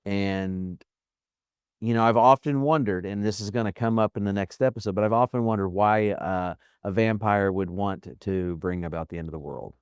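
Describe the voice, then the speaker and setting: A man co-hosting a podcast in casual chat, retelling scenes in a chatty way with quick asides. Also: fairly low pitch, smooth, no room sound. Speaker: podcast co-host.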